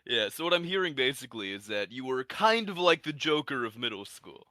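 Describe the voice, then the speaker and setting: A man's voice: medium pitch, very animated, a little fast, bright, forceful tone, no echo. A man co-hosting a casual livestream, offering brief wry responses.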